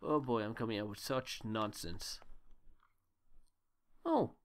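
A man's voice: on the low side, slow. A man giving joking, rambling commentary while playing a horror game, talking to himself. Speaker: let's play gamer. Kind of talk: gameplay commentary.

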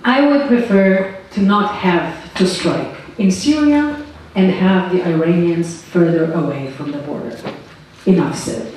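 A woman's voice: fairly low pitch, a little slow, a little mellow, recorded from a distance, slight background noise. Emphatic woman in an echoey hall. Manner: earnest, emphatic, building arguments. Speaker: politician guest. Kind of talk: public conversation on stage.

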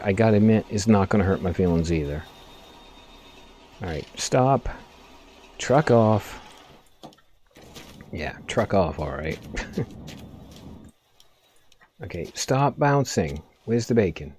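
A man giving let's play commentary, excitable, swearing often and talking back to the game. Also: lowish voice. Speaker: gaming video host.

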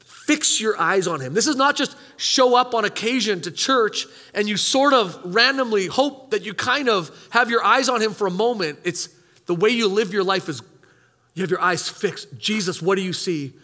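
High, bright-voiced preacher in a church hall. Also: male voice, animated, normal speed. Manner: emphatic, conversational preaching with rhetorical questions to the congregation. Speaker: pastor. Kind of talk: sermon.

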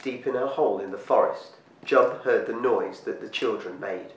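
A man reading a storybook aloud as storyteller, slowing and hushing his voice for eerie moments. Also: on the low side. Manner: slows and hushes for eerie moments. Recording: echoey room, distant mic, faint hiss.

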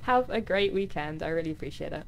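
Fast and animated, her gravelly voice comes with a slight hiss or hum. She's a woman on a gaming livestream, chatty and talking to chat and teammates in a casual way; when touched, her voice shoots up high.

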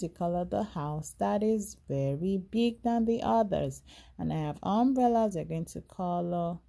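A woman's voice: mid-range voice, creaky, mellow. A woman teacher talking young children through a sizes worksheet and pointing out each picture.

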